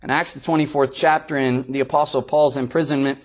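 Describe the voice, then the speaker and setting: A man's voice: medium pitch, steady tone, a little fast. A man preaching an evening sermon, earnest, repeating phrases for emphasis.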